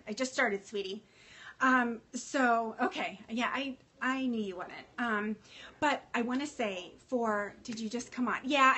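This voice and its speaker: Chatty husky-voiced woman livestreaming. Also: a little high, a bit bright. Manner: chatty, emotional, many fillers, greets viewers by name. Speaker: fashion consultant livestreaming to followers. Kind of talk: casual livestream chat.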